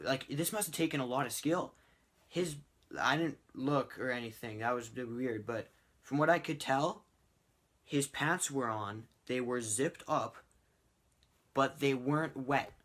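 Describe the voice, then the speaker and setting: Teen vlogger, casual storytime delivery, rambling and animated, filler-heavy, medium pitch. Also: male voice, measured pace. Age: teens.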